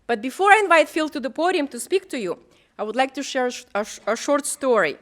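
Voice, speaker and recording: Bright-voiced woman introducing a speaker. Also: sits high, expressive, fast. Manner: warm, playful, builds up the speaker. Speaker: school staff introducing the keynote speaker. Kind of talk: introduction speech. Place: auditorium.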